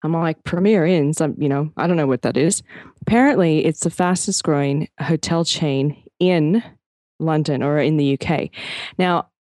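A woman co-hosting a podcast, telling a story in a chatty, animated way with plenty of fillers. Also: low voice, normal speed, no echo. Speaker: podcast co-host. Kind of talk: casual chat.

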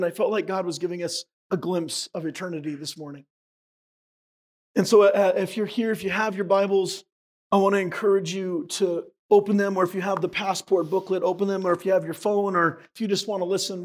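A hoarse pastor whose voice is giving out, preaching a sermon to his congregation in an earnest, emotional, conversational way. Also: sits high. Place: church sanctuary.

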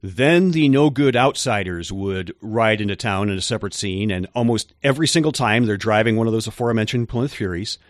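A man with a somewhat low voice co-hosts a casual podcast. He lays out his points in a measured, explanatory way, with the odd "uh". The sound is dry and close. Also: no echo. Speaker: podcast co-host. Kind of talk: casual chat.

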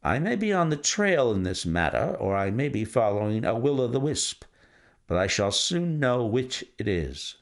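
A man reading aloud, playing a cool, self-assured gentleman detective with a measured, dry delivery. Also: mid-range voice, very animated. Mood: composed. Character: cool, precise gentleman detective, adult male.

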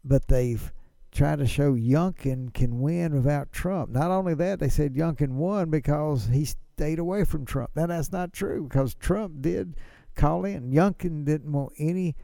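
A man's voice: fairly high pitch, measured pace, gravelly, mellow, no room sound. A man hosting a political commentary show, chatty, asking rhetorical questions and chuckling. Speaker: podcast host.

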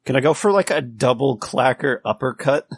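A man's voice: mid-range voice, lively intonation, moderate pace, gravelly, breathy edge, dry recording. A man playing in a tabletop game, joking around and laughing a lot in casual chat. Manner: giggly, jokey. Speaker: player.

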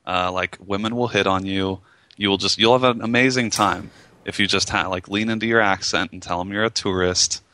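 A young man on a casual podcast, giving halting advice full of fillers. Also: low voice, fairly even intonation, sharp tone. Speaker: podcast guest. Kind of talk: casual chat.

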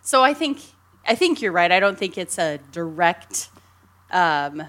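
A woman's voice: fairly low pitch, big pitch swings, a little slow, fairly bright tone. A woman co-hosting a casual film discussion, chatty and rambling, giggling often between her points. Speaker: podcast co-host.

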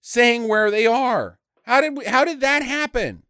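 A man co-hosting a podcast, riffing on a movie in casual chat, animated and profane with laughing asides. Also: very high voice, measured pace, no room sound, clean studio sound. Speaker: podcast co-host.

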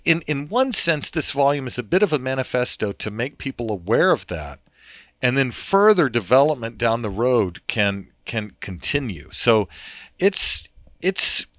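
Male guest, emphatic lecturer, lively pitch, dull lo-fi recording. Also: dry recording. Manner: emphatic, lecturing, repeats words when restarting. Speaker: theologian guest. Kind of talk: theological discussion.

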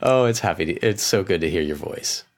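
An easygoing man introduces a podcast in a casual, joking way. His voice is somewhat low. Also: animated, fairly quick. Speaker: co-host introducing the show.

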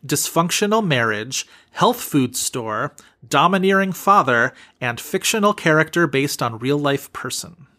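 Bright-voiced man gushing about films. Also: a little high, lively intonation, a little slow. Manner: enthusiastic, runs through film trivia in long run-on lists. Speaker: podcast co-host. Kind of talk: casual film podcast chat.

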